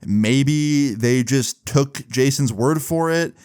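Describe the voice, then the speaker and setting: Animated young man telling a storytime. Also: medium pitch, takes it slowly, clear, resonant tone, no room sound, clean studio sound. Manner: animated, profane, conversational. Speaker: video creator. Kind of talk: casual storytime vlog.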